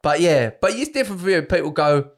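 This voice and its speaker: A London man with a fairly high voice chats casually on a garage podcast. He swears freely and breaks into quick impressions of drunk people, keeping the talk animated. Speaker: podcast co-host and comedian. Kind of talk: casual chat. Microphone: home podcast mic in a garage.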